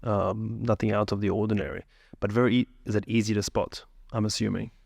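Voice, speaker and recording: A man with a low, gravelly voice asks questions in a relaxed, teasing way. His recording is dry, with no room sound. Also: a little fast, dry recording. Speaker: interviewer and client. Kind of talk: casual chat.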